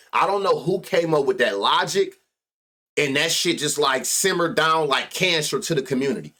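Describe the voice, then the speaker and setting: With a slightly high, bright, forceful voice, an American sports betting show host chats loosely on his live stream. Slang and profanity flow freely as he laughs often and mutters stats under his breath.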